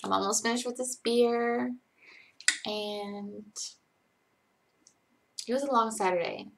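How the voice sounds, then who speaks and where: A woman's voice: a little high, fairly even intonation, slow, gravelly. A tired young woman chatting casually on a live stream, rambling and self-deprecating as she reads chat aloud.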